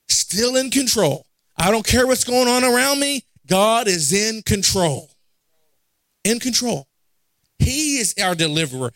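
High-voiced pastor preaching a sermon. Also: male voice, a bit bright, no echo. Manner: preaches with rhetorical questions and repetition; acts out Bible dialogue in character.

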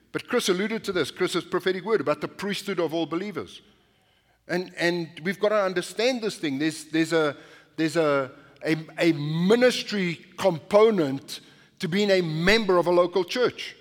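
A man's voice: sits high, normal speed, big-room sound. A male pastor preaching a sermon in a conversational, anecdotal way, often restarting his sentences. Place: church sanctuary.

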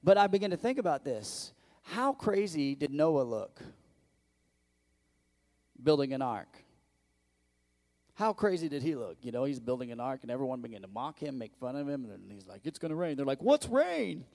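A male pastor preaching a conversational sermon, asking the congregation questions and acting out quoted voices, moving between loud bursts and quiet low asides. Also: animated, moderate pace, pauses often.

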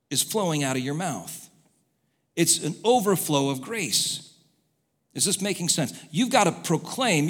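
A man preaching a sermon, telling stories and moving between quiet asides and loud exhortation. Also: a little high, slightly rough. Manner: storytelling, swings from soft to loud exhortation. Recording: long hall reverb.

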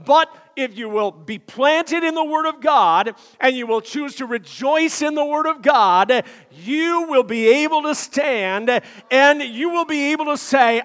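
An older male pastor preaching a sermon, telling stories with frequent "uh" fillers and building to shouted emphasis. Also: extremely high pitch, measured pace, hardly any pauses. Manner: storytelling preacher with many "uh" fillers, rising to shouts. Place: church sanctuary. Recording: long hall reverb.

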